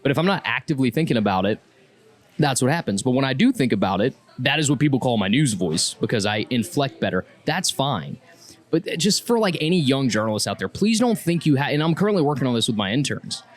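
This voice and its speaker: A man from Mississippi with a slight Southern drawl, co-hosting a casual podcast from a restaurant and speaking with clear, deliberate inflection. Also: medium pitch. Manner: animated, opinionated, clearly inflected. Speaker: podcast co-host and broadcast journalist.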